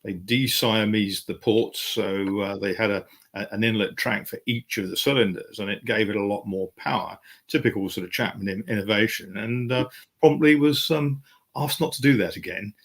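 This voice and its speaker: Gravelly older man, technical enthusiast. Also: on the low side, moderate pace, a bit bright. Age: 60s. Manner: knowledgeable, detailed, many fillers. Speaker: guest motorsport commentator. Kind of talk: casual chat.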